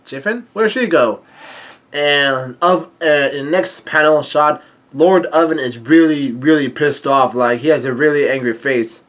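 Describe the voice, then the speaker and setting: A man's voice: fairly high pitch, fairly even intonation, measured pace, fairly bright tone. A man casually reading through a manga chapter, hesitant and full of fillers and restarts. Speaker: manga reader and commentator.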